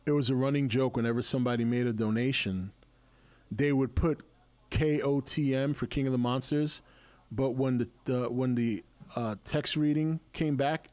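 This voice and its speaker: A middle-aged man hosting a casual live stream, chatty and laughing often, with many restarts. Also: medium pitch.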